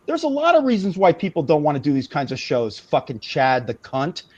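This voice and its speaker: A man's voice: fairly high pitch, wildly swooping pitch, a little fast, no echo, highs cut off. A man hosting a comedy livestream, ranting heatedly and profanely with lots of restarts. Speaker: host. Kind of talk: improvised comedy livestream rant.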